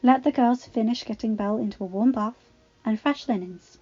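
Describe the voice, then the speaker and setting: A woman doing a soft motherly housekeeper. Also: a little high, normal speed, natural voice. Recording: slightly dull, faint background music.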